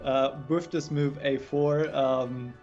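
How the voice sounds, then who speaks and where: A man's voice: mid-range voice, little pitch movement, slow, darkish tone, soft background music. Man explaining chess over lo-fi audio. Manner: thoughtful, explains patiently with frequent restarts. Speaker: chess grandmaster guest. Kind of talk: casual livestream chat explaining chess.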